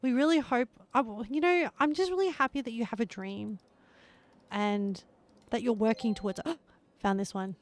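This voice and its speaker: Slow-talking, chatty woman streamer. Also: a little high, dry recording. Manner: chatty, laughs often, talks to her chat. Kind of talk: casual live-stream chatter.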